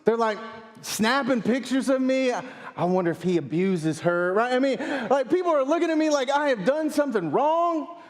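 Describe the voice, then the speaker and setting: A man in his thirties, a pastor telling a funny, animated story during a sermon. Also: extremely high pitch, moderate pace. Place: church sanctuary. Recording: long hall reverb.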